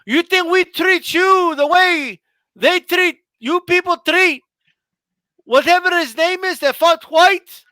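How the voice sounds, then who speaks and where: Brief: stiff, repetitive hotel clerk in a mock accent, bright and forceful, put on by a man. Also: very high voice, takes it slowly, no echo, clean studio sound, voice pushed up, heavily acted. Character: stern male hotel clerk, stubborn and dismissive.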